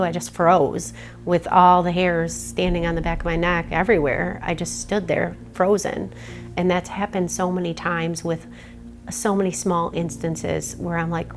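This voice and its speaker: Scared woman describing a haunting; low, gravelly voice, rambling and swearing. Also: level tone, moderate pace, soft background music. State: frightened. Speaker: homeowner reporting a haunting. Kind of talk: casual interview.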